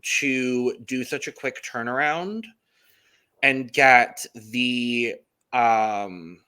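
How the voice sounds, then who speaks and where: Bright, smooth-voiced man chatting on a podcast. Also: mid-range voice, drawn-out words. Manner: chatty, upbeat, frequent ums. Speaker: podcast co-host. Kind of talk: casual podcast chat.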